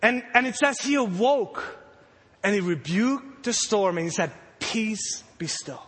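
Slightly slow in delivery, a preacher with a high, light voice tells the story with lively energy, his words echoing long in a big hall. He acts out the panicked disciples in their own voices, in what seems to be a sermon aimed at children and the congregation.

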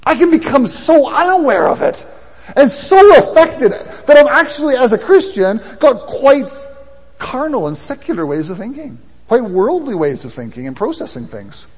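A man's voice: very high voice, big pitch swings, normal speed, slightly rough. A man preaching a sermon in a conversational way that builds in intensity. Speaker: pastor. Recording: long hall reverb.

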